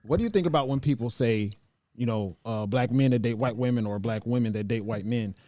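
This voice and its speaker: A man's voice: mid-range voice, brisk, warm tone, no echo. A man hosting a casual podcast chat, reading out viewer comments in an easygoing, hesitant way.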